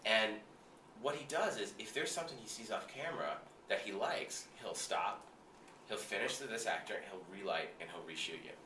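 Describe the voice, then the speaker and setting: A man telling casual behind-the-scenes stories in an animated way, full of "like" and swearing. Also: on the low side, moderate pace, a little hiss or hum. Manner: animated, heavy filler "like", frequent swearing. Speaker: guest recalling film work. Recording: roomy, distant mic with faint ambience.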